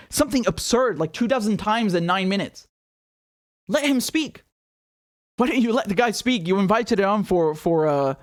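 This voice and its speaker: A man giving animated, incredulous political commentary, full of restarts and rhetorical questions. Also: sits high. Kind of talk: casual ranting commentary.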